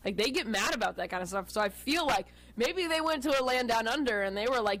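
A woman from Texas co-hosting a sports radio show, chatting about football in an animated, joking way. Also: on the high side, low-quality recording. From Austin, Texas. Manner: chatty, animated, quick to joke. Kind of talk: casual sports talk.

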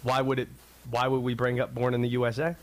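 A man's voice: mid-range voice, completely flat delivery, quick pace, a little hiss or hum. A man from North Carolina in his thirties hosting a sports talk radio show, talking in a wry, digressive way.

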